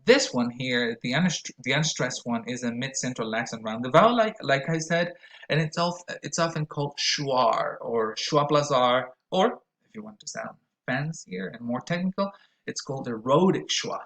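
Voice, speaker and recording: A man gives a recorded pronunciation lesson at a middle pitch. He explains step by step and draws out example words slowly and clearly so learners can copy them. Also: animated, fairly bright tone, rough recording. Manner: explains slowly, models words with careful exaggerated vowels. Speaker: pronunciation teacher.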